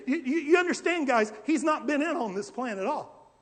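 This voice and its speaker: Male pastor, high bright voice, lively sermon style, long church reverb. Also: moderate pace. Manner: animated, rhetorical questions, acts out scenes. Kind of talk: verse-by-verse sermon. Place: church sanctuary.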